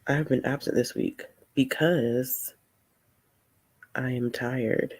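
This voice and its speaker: With a steady, medium-pitched voice, a man runs an easygoing book stream while tired and yawning. He drifts slowly from topic to topic, greets viewers in the chat, and uses "y'all" frequently.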